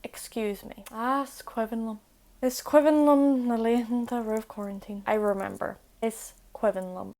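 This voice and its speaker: A woman's voice: a little high, steady tone, normal speed, warm tone. Chatty young woman teaching phrases. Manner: chatty, self-deprecating asides. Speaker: language video host. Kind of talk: casual language lesson.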